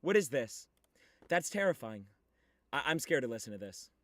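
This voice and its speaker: A young man livestreaming, chatting casually with viewers in an excitable, teasing way with sudden shouts. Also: mid-range voice, moderate pace.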